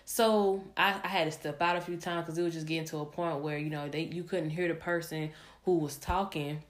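A woman's voice: low voice, steady tone, brisk. A young adult woman hosting a podcast, telling a candid personal story in a rambling way with many fillers and restarts. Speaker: podcast host.

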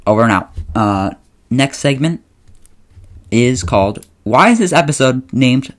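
A man hosting his own podcast talks casually and at length, often doubling back to correct himself. He turns playful and coaxing when he speaks straight to his listeners. His voice sits at an everyday middle pitch. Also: expressive, unhurried. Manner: rambling, often correcting himself mid-sentence; playful, pleading directly with listeners. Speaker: podcast host. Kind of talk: casual solo podcast chat.

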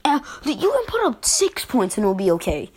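A woman's voice: fairly high pitch, huge pitch swings, normal speed, darkish tone. A young woman talking through a casual sports commentary vlog, rambling and exasperated, breaking off with fillers and laughs. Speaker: basketball vlogger.

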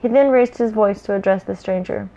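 A woman's voice: mid-range voice, a little fast, dull audio. Woman casually reading a story aloud. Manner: relaxed, chatty asides. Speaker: story reader.

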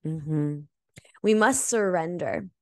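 A woman hosting a motivational energy-healing podcast, speaking earnestly and emphatically, swearing casually and slowing down to stress key words. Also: deep voice, lively intonation, dry recording, studio quality. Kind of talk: motivational coaching monologue.

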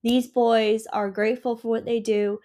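A woman's voice: fairly high pitch, level tone, moderate pace, warm tone. A sick young woman hosting her own podcast, gushing and emotional in a rambling casual chat. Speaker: podcast host.

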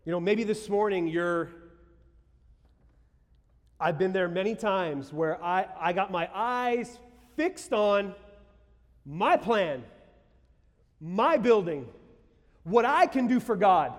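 A man preaches a sermon in a church sanctuary, his voice sitting high for a man. He talks conversationally, then bursts into shouts and exclamations. The sound trails off in a long hall reverb. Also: animated, slow, pauses often. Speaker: pastor.

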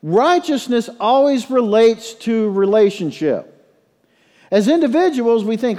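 A middle-aged man preaching a sermon as a pastor, telling stories and leading prayer in a hushed low voice. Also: big pitch swings, unhurried. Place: church sanctuary. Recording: long reverb in a large hall.

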